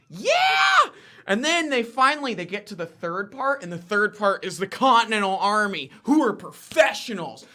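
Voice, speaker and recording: Guest man, history buff, excitable rambler, bright edgy tone. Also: high-pitched. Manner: excitable, rambling, with many fillers and apologies. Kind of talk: excited storytelling in casual chat.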